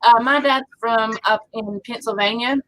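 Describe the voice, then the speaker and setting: A woman's voice: a little high, steady tone, moderate pace, a bit bright, rough recording. A woman co-hosting a casual farm livestream, telling stories and laughing often. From rural United States. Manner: laughing, chatty storyteller. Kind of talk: casual live chat.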